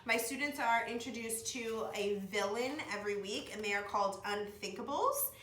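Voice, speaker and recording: A woman in her twenties chatting to camera about her work as a speech-language pathology assistant, gushing and excited, with lots of "like" and "oh my gosh". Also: a little high, normal speed. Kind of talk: casual chat to camera. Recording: echoey room, mic at a distance, faint noise.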